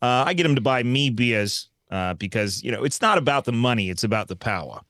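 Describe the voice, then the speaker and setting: A man playing a smug, entitled young heir in a lazy drawl, lower than his own voice. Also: lively intonation, brisk, a bit bright, no echo, clean studio sound, close to an everyday voice.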